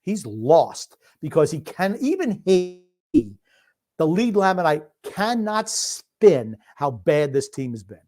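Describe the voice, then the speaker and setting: A man co-hosting a casual sports podcast, blunt, sarcastic and quick to swear, reading listener comments aloud. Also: fairly high pitch, sing-song, darkish tone. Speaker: podcast co-host.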